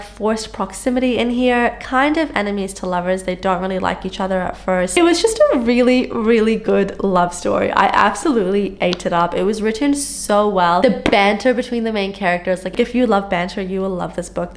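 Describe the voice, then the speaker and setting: Woman, late 20s, book vlogger; casual, effusive, filler-heavy chat; mid-pitched; home, on-camera mic. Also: vocal fry. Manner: gushing, chatty, full of "like" fillers. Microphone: on-camera shotgun mic.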